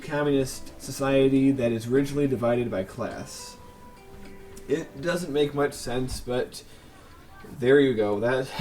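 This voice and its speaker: A man talks through his city-building game at an unhurried pace, with chatty, joking asides. His voice sits at an ordinary middle pitch, with faint game music playing underneath. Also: darkish tone. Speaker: let's play host. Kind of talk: casual gameplay commentary.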